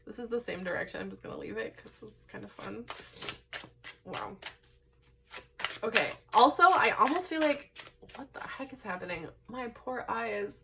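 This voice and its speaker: A young woman doing a casual pick-a-card tarot reading, rambling and excitable with many "like"s and "um"s. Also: fairly high pitch, normal speed, creaky, long pauses, slight background noise. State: laugh-crying. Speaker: tarot reader.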